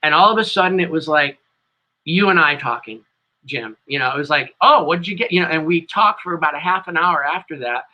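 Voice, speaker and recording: A man's voice: fairly high pitch, fairly quick, lo-fi sound. A middle-aged man with a New England accent, a tribute band singer telling a long, rambling story as an interview guest.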